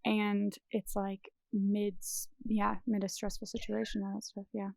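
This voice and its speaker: A woman acts as a supportive co-host, often cutting in with short agreeing replies. Her voice has a strong gravelly fry, and the room around her sounds dry and close. It is relaxed podcast chat. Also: mid-range voice, a little slow, no room sound. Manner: supportive listener, frequent backchannel. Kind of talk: casual chat.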